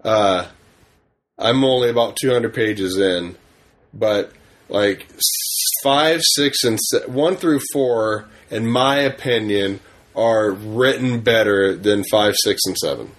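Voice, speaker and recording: A man co-hosting a podcast in casual chat, teasing and quick with interjections. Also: on the low side. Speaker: podcast co-host.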